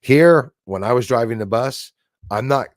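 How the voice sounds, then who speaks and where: A man's voice: mid-range voice, normal speed, no echo, studio quality. A Canadian man telling rambling, digressive stories on a casual livestream, restarting his sentences and wandering off into asides. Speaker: livestream host.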